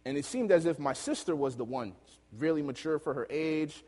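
A man preaching and telling a lively personal story, laughing often as he goes. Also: on the high side, moderate pace. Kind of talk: storytelling sermon. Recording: long hall reverb.

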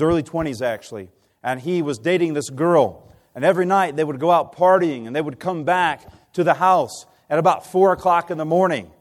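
A man delivers a sermon in a voice that sits a little high for a man. He moves between soft, drawn-out appeals and loud storytelling, often stopping to put questions to his listeners. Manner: impassioned, swings from hushed to loud, asks the congregation questions. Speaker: preacher.

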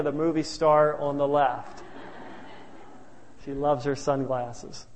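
Male preacher, folksy storyteller, raised pitch, long church echo. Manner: folksy, telling family stories. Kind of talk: sermon.

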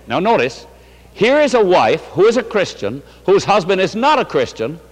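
A man with a high, very lively voice preaches a sermon. He tells stories, acts out the voices of the people in them and laughs now and then. The sound rings with long reverb, as in a big hall. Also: normal speed. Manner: storytelling with quoted voices and laughter.

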